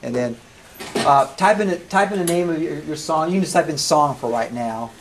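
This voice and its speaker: A man teaching music software to a class, talking casually with many restarts and questions to the students. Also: on the high side, moderate pace, a little hiss or hum. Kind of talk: live classroom software demo.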